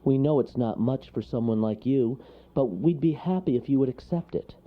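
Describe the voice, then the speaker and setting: A man's voice: medium pitch, normal speed, pitched above the performer's own voice, natural voice. A man doing a polite father squirrel. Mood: grateful. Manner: polite, earnest. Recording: lo-fi recording.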